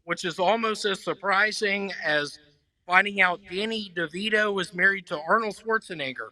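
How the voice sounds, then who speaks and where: High, bright deadpan comic. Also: male voice, normal speed, low-quality recording. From Memphis, Tennessee. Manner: deadpan one-liners with hesitant fillers. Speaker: stand-up comedian. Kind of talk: one-minute stand-up set.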